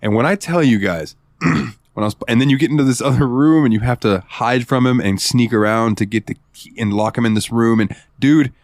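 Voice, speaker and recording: A man co-hosting a casual gaming podcast, telling stories excitedly and swearing freely. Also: mid-range voice, a little fast, dry recording, clean studio sound. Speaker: podcast co-host.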